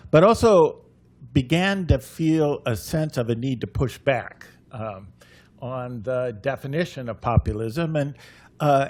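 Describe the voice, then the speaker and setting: A man, a lecturer on a panel, giving a conversational talk full of "uh" pauses. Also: mid-range voice.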